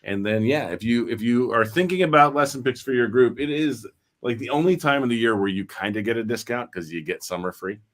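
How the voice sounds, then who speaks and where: A man's voice: mid-range voice, a little fast. A man hosting a live stream, chatting casually and rambling with many fillers and restarts. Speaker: host.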